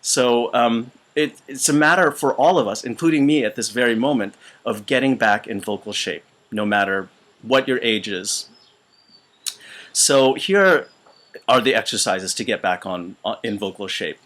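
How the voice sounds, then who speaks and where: A man's voice: mid-range voice, a bit bright. Man with a weakened, out-of-shape voice. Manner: halting, with many fillers and restarts. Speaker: voice teacher and choir conductor. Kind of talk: casual instructional video. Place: small retreat room.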